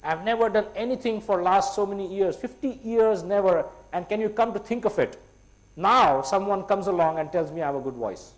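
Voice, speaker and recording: Indian english guy, middle aged, trainer telling a class story, slightly higher voice, acts out the quotes. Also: brisk, low-quality recording. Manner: animated retelling, voicing others' quotes. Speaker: workshop trainer. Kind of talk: storytelling to an audience.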